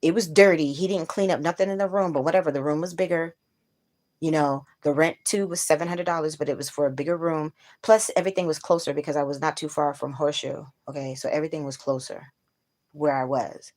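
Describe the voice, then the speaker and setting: A woman's voice: sits low, steady tone, fast talker, darkish tone. A woman hosting a casual livestream, venting bluntly to her viewers with plenty of profanity. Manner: talks straight to viewers. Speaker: livestream host.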